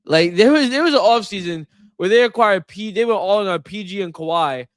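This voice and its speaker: Casual sports co-host, male, higher-pitched and animated, exasperated, dry recording. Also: brisk, no room sound.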